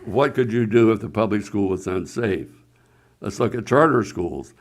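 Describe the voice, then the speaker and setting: Low-voiced man reading a statement. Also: lively intonation, moderate pace. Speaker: school board member. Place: meeting room.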